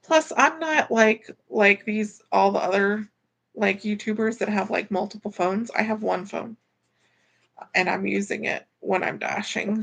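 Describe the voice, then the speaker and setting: A chatty woman talking on a casual livestream, her voice carrying a gravelly, creaky edge at a middle pitch. She reads out viewer comments and answers them in a loose, conversational way. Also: a bit bright. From Florida. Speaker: livestreamer and delivery driver.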